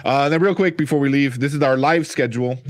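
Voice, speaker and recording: A man's voice: medium pitch, fast talker. A man with a Chicago accent hosting a casual sports chat, rambling along with lots of fillers and the odd curse. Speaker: podcast host.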